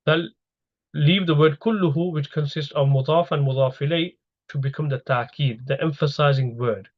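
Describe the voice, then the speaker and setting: A man's voice: fairly high pitch, moderate pace. Guy teaching grammar online, patient step by step, kinda muffled lo-fi sound. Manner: patient, explains step by step with questions to students. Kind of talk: online lecture over slides.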